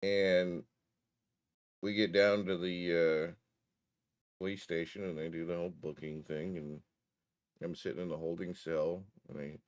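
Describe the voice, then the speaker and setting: A man's voice: deep voice, flat delivery, measured pace, long pauses. A man telling a story in casual chat, profane and wry.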